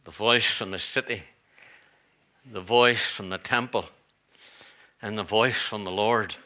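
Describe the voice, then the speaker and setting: A man's voice: on the low side, steady tone, slow, bright, forceful tone. A middle-aged man, a pastor preaching a sermon in a church, earnest and repetitive, with chatty asides.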